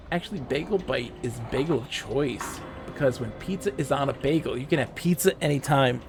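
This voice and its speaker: Young male streamer, casual jokey banter, gravelly, music bed behind. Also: medium pitch, moderate pace, hardly any pauses. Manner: joking, rambling banter. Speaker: game streamer. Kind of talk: casual chat while gaming.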